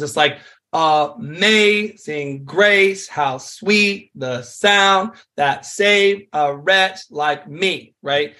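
A man, a songwriter and worship leader, explaining songwriting craft in an energetic, conversational way. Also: high voice. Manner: energetic, conversational teaching with frequent fillers.

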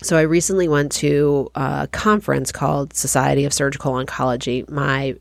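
Low, nasal woman chatting candidly. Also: steady tone, moderate pace, gravelly, no echo, studio quality. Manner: candid, self-reflective, chatty. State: nasal from a cold, getting over illness. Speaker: podcast host. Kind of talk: casual storytelling podcast.

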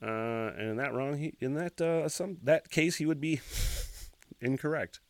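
A man hosting a solo podcast, telling a rambling story with lots of swearing, laughing as he talks and shouting sound effects. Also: on the high side, measured pace, no room sound. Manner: laughs while talking. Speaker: podcast host.

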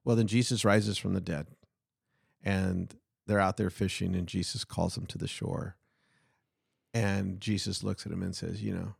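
A man co-hosting a church podcast, telling a Bible story in a lively, relaxed way and acting out the quoted lines. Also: low voice, normal speed, gravelly, husky, no room sound, studio quality. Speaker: pastor, podcast co-host. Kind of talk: casual chat, storytelling.

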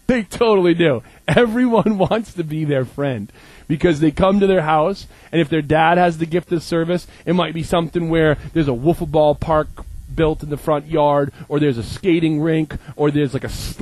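Middle-aged guy from maine preaching, bit higher voice, jokey stories, dry close sound. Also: darkish tone, no echo, low-quality recording. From Maine, USA. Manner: humorous storytelling, acts out quoted voices. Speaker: pastor. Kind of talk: sermon.

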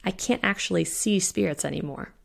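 A woman's voice: on the low side, fairly quick, gravelly. A woman reading the part of a laid-back young vampire woman with dry, unbothered talk. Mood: offhand.

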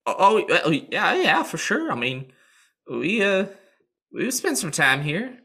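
A man's voice: big pitch swings, slow, pushed and bright, slightly rough, heavily acted. A man voicing a nervous, chatty male horse with a Southern drawl in a tabletop game, rambling and jumpy. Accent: American Southern. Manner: skittish, rambling, high-pitched when startled. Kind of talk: tabletop role-play.

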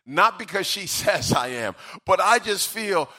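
High-voiced preaching man. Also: expressive, unhurried, bright, forceful tone. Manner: preaching with swelling, sung-out emphasis. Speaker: pastor. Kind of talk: sermon.

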